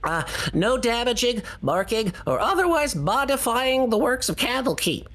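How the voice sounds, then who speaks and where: A woman voicing a shy, excitable teenage tiefling boy who stammers and gushes in a tabletop role-play. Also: fairly high pitch, normal speed. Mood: eager. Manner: stammering, eager, gushing.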